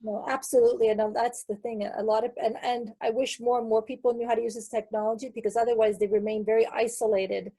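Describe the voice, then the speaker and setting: Woman guest, husky, gravelly, mellow tone, earnest and halting. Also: a little high, flat delivery. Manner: earnest, halting, with many restarts. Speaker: guest, caregiver coach. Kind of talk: casual interview chat.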